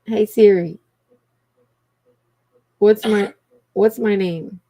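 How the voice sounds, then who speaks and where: A woman's voice: medium pitch, steady tone, drawn-out words, dark tone, no room sound. Chatty Cajun woman hosting a live chat. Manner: chatty, laughs often, addresses viewers as y'all. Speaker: livestream host. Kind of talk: casual live chat with viewers.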